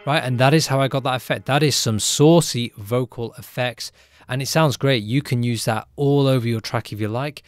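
In a chatty, upbeat tutorial, a man who produces music keeps things casual and frequently ends lines with a quick question. His voice sits at medium pitch, with no echo.

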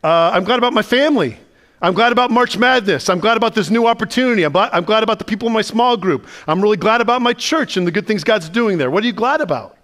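A man, the pastor, preaching a sermon in a conversational, animated way and asking the listeners lots of questions. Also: high-pitched, fast. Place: church sanctuary.

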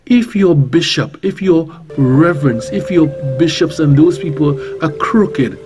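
A man's voice: a little high, lively intonation, unhurried, music in the background. Bold Trinidadian preacher man on radio. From Trinidad and Tobago. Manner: bold, emphatic, repeats phrases, many rhetorical questions. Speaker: reverend and radio talk host.

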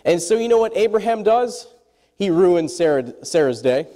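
A man preaching a sermon to a congregation, animated and quizzing his listeners as he goes. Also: high voice, moderate pace, big-room sound. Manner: animated, asks the congregation questions. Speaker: pastor.

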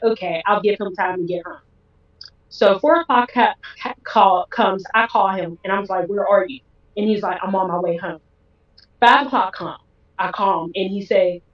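A woman guest on an interview show, telling her personal story with feeling and acting out what others said. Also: mid-range voice. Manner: emotional, acts out quoted dialogue. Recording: roomy, distant, dull sound.

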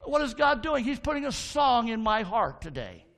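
High, gravelly-voiced preacher man. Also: sing-song, moderate pace, a bit bright. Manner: fervent preaching with call-and-response to the congregation; folksy storytelling asides. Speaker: pastor. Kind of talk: sermon. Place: church sanctuary.

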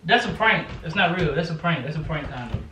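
A man's voice: lively intonation, a little fast, bright, forceful tone, a little hiss or hum. A young man in a bedroom at home, pleading and dodging in a casual, evasive way, recorded on a camera mic across the room. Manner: pleading, evasive, pitch jumping up. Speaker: YouTuber pulling a prank. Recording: echoey room, mic off at a distance.

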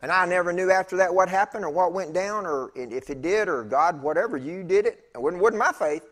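A man preaching in church, telling a personal story in a chatty, animated way with laughing asides to the congregation. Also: high-pitched, fairly quick. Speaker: pastor. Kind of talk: storytelling sermon. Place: church sanctuary.

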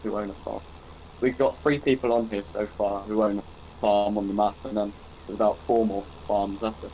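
A man's voice: lowish voice, flat delivery, normal speed, dark tone. Laid-back man on a noisy chat line. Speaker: gamer on voice chat. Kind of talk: casual chat.

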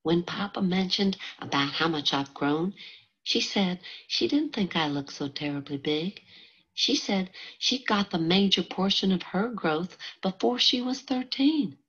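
A woman's voice: lively intonation, a bit bright, slightly rough, full character voice. A woman voicing an impulsive twelve-year-old girl from the American South in a storybook reading. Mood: chattering. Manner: eager, impulsive, higher and faster than the narration. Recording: dull lo-fi audiobook recording.

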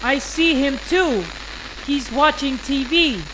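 A man voicing a pair of creepy young children, speaking in an eerie, flat, insistent way. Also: extremely high pitch, slow, noisy background, voice pushed up.

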